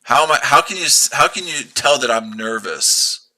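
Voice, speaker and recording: Sharp-voiced, combative man ranting. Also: mid-range voice, animated, moderate pace. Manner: combative, profane, repeats rhetorical questions. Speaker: day trader streaming live. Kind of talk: live-stream rant to chat.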